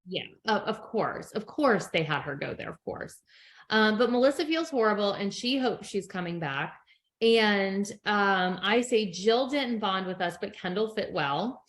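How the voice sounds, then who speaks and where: A woman's voice: mid-range voice, animated, unhurried. A middle-aged woman co-hosting a podcast in casual chat, telling stories and acting out quotes with frequent laughs. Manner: chatty storyteller acting out quotes, laughs often. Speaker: podcast co-host. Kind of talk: casual chat recapping a reality show.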